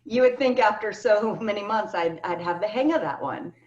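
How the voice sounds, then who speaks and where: A woman's voice: mid-range voice, moderate pace. Emphatic woman on an echoey video call. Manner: earnest, emphatic. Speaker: keynote speaker. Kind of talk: answering questions on a video call panel. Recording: echoey, distant, dull video call audio.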